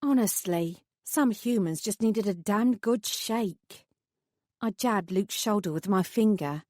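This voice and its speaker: A woman reads a first-person novel aloud in scripted narration with lively storytelling. Her voice sits at a middle pitch, recorded close and dry. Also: slow, dry recording. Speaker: audiobook narrator.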